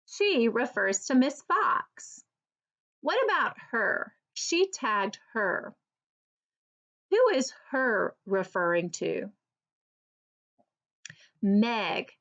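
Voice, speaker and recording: A woman teacher giving an early reading lesson for children, slowly and clearly sounding out each word. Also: a little high, lively intonation, fairly bright tone.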